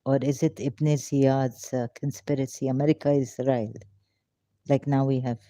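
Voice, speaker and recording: Low, dark-voiced woman questioning a text. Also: flat delivery, moderate pace, no room sound. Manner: emotional, pleading rhetorical questions. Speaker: ex-Muslim commentator. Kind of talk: reading a religious text aloud and commenting on it. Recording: dull, lo-fi, dry sound.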